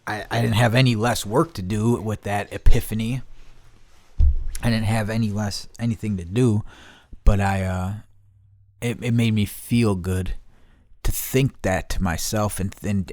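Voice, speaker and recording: A man's voice: lowish voice, steady tone, moderate pace, darkish tone, dry recording, studio quality. A man hosting a casual solo podcast, rambling with constant swearing and many restarts. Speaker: podcast host.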